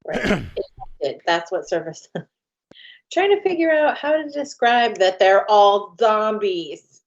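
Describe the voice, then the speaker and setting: A woman playing a tabletop game, speaking in a deliberate, deadpan way. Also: mid-range voice. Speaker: player. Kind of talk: casual chat. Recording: dull lo-fi line with faint noise.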